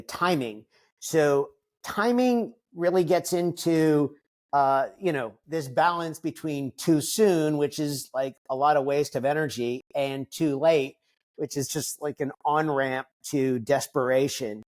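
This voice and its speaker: A man's voice: on the high side, a little mellow. A man in his fifties, a podcast guest, talking reflectively in a casual interview, with frequent fillers and restarts. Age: 50s.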